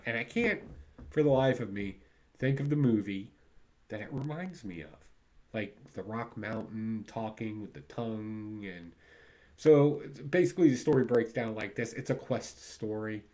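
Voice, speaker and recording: A man's voice: mid-range voice, lively intonation, normal speed, a little mellow. A man casually reviewing his weekly comic book haul, rambling and chatty and laughing at himself now and then.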